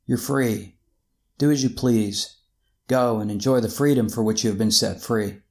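A preacher playing a gentle, fatherly divine master who speaks slowly and softly to his child. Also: on the low side, vocal fry. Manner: gentle, slow and hushed.

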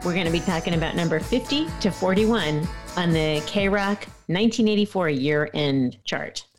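A woman's voice: lowish voice, animated, normal speed, over music. Upbeat female podcast co-host. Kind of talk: casual chat.

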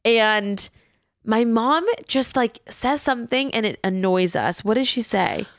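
A woman's voice: a little high, lively intonation, a little slow, dry recording, clean studio sound. A young adult woman chatting casually with her sisters, telling a story full of filler likes. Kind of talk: casual chat.

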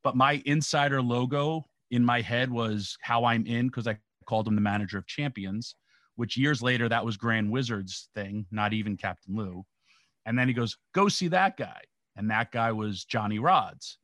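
A man's voice: medium pitch, fairly even intonation, moderate pace, a bit bright, no room sound, clean studio sound. A middle-aged man from New York, a former pro wrestler, telling rambling stories in a casual interview and acting out the quotes. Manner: rambling anecdotal, acts out quotes.

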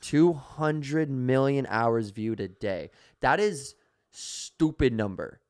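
A man in casual podcast chat, animated and rambling, full of fillers. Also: medium pitch, slow. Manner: animated, rambling, filler-heavy, says bro.

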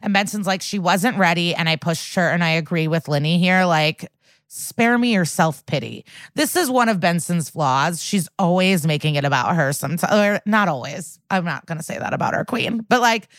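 A woman's voice: lowish voice, expressive, fairly quick, few pauses, fairly bright tone, no room sound. A woman co-hosting a podcast, recapping a TV episode in a casual, chatty way, swearing often and saying "like" a lot. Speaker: podcast co-host.

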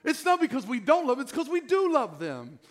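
A middle-aged man pastor preaching a sermon in an animated, joking way. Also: very high-pitched, fairly quick.

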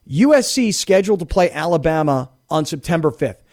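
A middle-aged man hosting a sports talk radio show in a studio, talking in an animated, rambling way and acting out the voices of the people he quotes. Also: fairly high pitch, brisk.

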